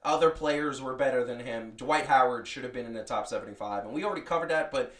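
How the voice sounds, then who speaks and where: Animated man chatting about basketball, roomy sound. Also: mid-range voice. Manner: animated, storytelling, quick restarts. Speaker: podcast co-host. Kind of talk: casual sports chat.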